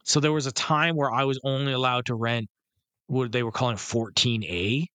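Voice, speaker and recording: A man's voice: medium pitch, steady tone, normal speed, a bit bright, smooth, no echo. Rambling man on a podcast. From Canada. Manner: rambling, swears, trails off mid-thought. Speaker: podcast co-host. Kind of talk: casual film chat.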